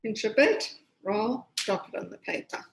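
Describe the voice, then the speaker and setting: A woman's voice: medium pitch, lively intonation, normal speed, creaky, a little hiss or hum. A woman pastry chef from Zimbabwe giving a chatty step-by-step cooking demonstration with plenty of fillers. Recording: echoey room.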